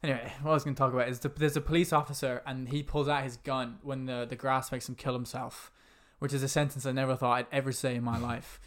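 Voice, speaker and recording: A man's voice: medium pitch, flat delivery, fast, fairly bright tone. A man co-hosting a film podcast, swearing a lot and mocking movies in a rambling, casual chat. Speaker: podcast co-host.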